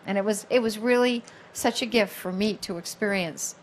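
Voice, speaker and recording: A woman in her fifties, an author telling a personal story in an animated, expressive way, acting out the voices of people she quotes. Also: medium pitch, moderate pace, a little hiss or hum. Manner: expressive, acts out quoted voices, many fillers.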